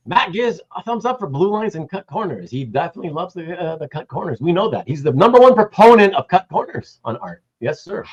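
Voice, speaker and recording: A man's voice: a little high, dull audio. A man hosting a casual livestream, rambling and greeting chat viewers by name, with some casual swearing. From Canada. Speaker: livestream host.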